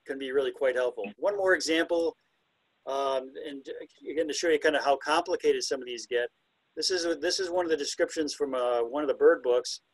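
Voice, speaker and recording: Presenting an illustrated talk on recognizing birds by ear, a mid-voiced man stays chatty and pokes fun at himself. Now and then he imitates the calls with hoots and whistles, and the audio is poor but free of echo.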